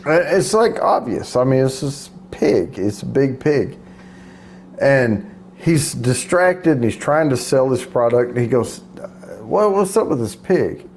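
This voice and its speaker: A man's voice: medium pitch, expressive, unhurried, darkish tone, a little hiss or hum. A man telling a long joke in a casual chat, rambling through restarts and asides.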